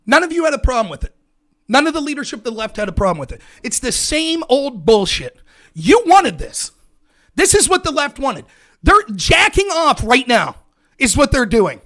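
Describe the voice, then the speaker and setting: Furious profane man ranting, high-pitched. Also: very animated, moderate pace. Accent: American. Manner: furious, profane, shouting at viewers. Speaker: livestream political host. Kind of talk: angry political rant.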